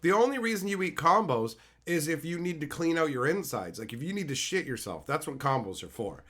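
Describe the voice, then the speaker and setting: A young man from Canada, a streamer reading his live chat and ranting in loud, profane, mock-outraged bursts. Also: a little high, sing-song, normal speed. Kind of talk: casual rant to live chat.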